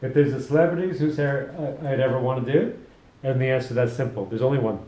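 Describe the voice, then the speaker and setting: A man's voice: medium pitch, fast, mellow. Chatty male hairdresser, echoey salon. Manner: chatty storyteller, laughs often, full of asides. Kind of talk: casual chat while cutting hair. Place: hair salon.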